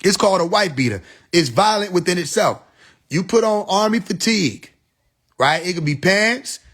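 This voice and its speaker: A man's voice: high voice, lively intonation, moderate pace, fairly bright tone. A man hosting a live stream, talking in a preachy, profane monologue and laughing at his own jokes.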